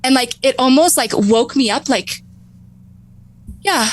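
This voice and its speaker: A woman in her thirties telling her own recovery story on a talk show, animated, laughing often and acting out her past thoughts. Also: sits high, a little slow, slight background noise, rough recording. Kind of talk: emotional personal storytelling.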